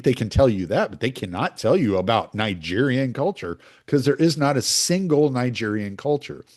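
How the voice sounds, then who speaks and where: A man from the United States talking through a casual, rambling monologue as a podcast host, opinionated and full of restarts. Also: mid-range voice.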